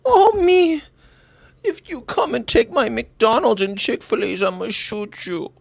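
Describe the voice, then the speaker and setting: A man mockingly voicing a whiny, crying meat-eater who makes threats in a high, sobbing voice. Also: sing-song, unhurried, vocal fry, no room sound, heavily acted. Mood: whining.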